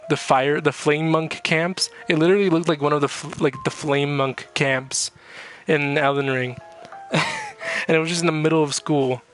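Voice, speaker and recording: A young man vlogging in a casual, rambling way, swearing often and laughing at himself as he reads chat. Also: fairly high pitch. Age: young adult. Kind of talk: casual chat reacting to chat messages.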